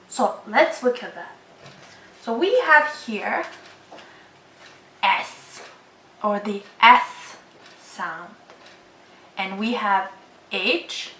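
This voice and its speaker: A woman teaching a phonics lesson to children, speaking slowly with clear, encouraging enunciation. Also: on the high side, bright, forceful tone, echoey room, recorded from a distance. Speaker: English teacher.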